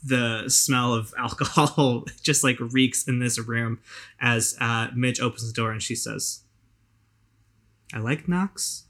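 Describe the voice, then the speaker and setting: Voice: mid-range voice, little pitch movement, unhurried, fairly bright tone. A game master narrating a tabletop game in a loose, casual way, with lots of fillers.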